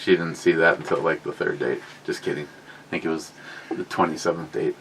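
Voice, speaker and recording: A man's voice: very deep voice, steady tone, fairly quick, vocal fry, a bit bright, slight background noise, rough recording. A middle-aged man telling crude, rambling, self-mocking stories on a casual podcast. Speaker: podcast co-host. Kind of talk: casual storytelling chat.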